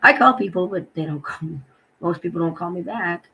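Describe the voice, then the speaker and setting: Rambling, heartfelt middle-aged woman, bright voice. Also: lowish voice, brisk, creaky, slight background noise, poor audio. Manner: rambling and heartfelt, full of fillers and retold dialogue. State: emotional, hurting. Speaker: vlogger. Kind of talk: personal vlog monologue.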